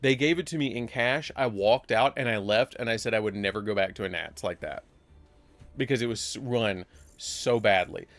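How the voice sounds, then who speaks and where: A man's voice: lowish voice, moderate pace, a bit bright, dry recording, faint music behind. A man hosting a live game stream, telling a story casually and acting out both sides of the argument. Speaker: livestream host.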